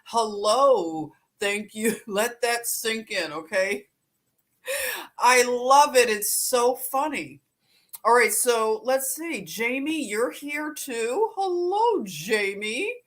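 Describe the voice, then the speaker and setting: A woman's voice: fairly high pitch, expressive, slow pace. A woman hosting a live stream, chatting casually and greeting viewers by name with easy laughs.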